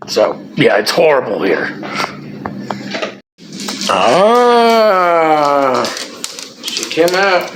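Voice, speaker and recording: A laid-back man chats slowly to his camera at home, joking and calling to pets. His voice sits a little high. The audio carries clear background noise from the house. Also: very animated, reverberant. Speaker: vlog host. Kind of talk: casual vlog chat. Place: house, dog sitting.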